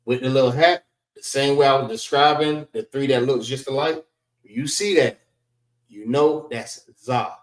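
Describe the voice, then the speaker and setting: Male instructor, mid pitch, unhurried and repetitive, recorded in an echoey room. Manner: slow, repetitive, spells out sounds one by one. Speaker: class teacher. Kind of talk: classroom language lesson. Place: library meeting room.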